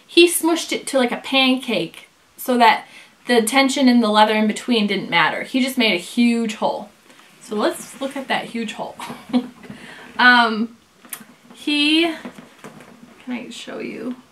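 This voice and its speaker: A woman talks through a leather bag story in a casual, chatty way. Her voice sits on the higher side. She acts out the back-and-forth with the people involved as she goes. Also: a little slow, pauses often, slight background noise. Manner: chatty, animated storytelling with quoted dialogue.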